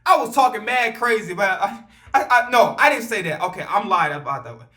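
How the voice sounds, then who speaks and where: A young man telling a casual, animated, profane storytime story at home, with loose slang. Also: high voice, a little fast.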